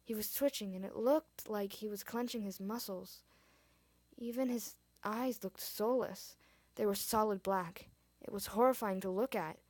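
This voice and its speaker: A woman reading her fan fiction aloud, expressive, dropping in her own asides. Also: medium pitch, unhurried, dry recording. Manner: expressive, adds asides and swears in reaction. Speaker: reader.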